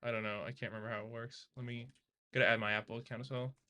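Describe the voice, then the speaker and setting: A chatty male streamer who talks casually with his viewers and laughs easily. His voice is bright and forward, at an ordinary pitch. His tone is relaxed and conversational. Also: very fast. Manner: chatty, laughing, talks to viewers and reads their chat aloud. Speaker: live streamer learning to code. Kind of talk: casual live-stream chat.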